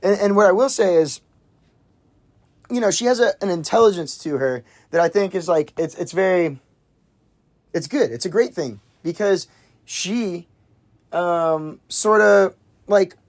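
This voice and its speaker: A film reviewer chatting casually and excitably about a movie, rambling with lots of "like", restarts and casual swearing. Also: mid-range voice, unhurried, long pauses.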